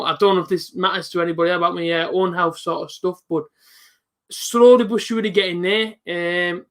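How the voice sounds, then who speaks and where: A young man hosting a live football reaction stream, chatting casually with viewers and breaking into excited shouts at big moments. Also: sits high. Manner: chatty, jumps to excited shouting at goals, reads out viewer comments.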